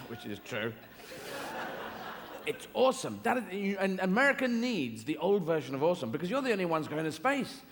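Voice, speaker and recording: A man's voice: high voice, very animated, brisk. A man doing stand-up comedy on a theatre stage, rambling through whimsical tangents with frequent restarts. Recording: echoey live theatre hall with ambient noise.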